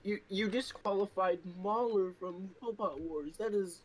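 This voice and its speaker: An American man bantering playfully on a gaming stream, teasing and sometimes shouting. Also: sits high, measured pace, rough recording. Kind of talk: casual gaming chat.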